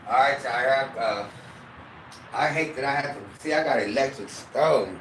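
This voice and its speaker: A man's voice: medium pitch, normal speed, a bit bright. A man hosting a casual livestream from his kitchen. He rambles loosely, swears freely and talks straight to his chat. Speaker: livestream host. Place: home kitchen. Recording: echoey room with background noise.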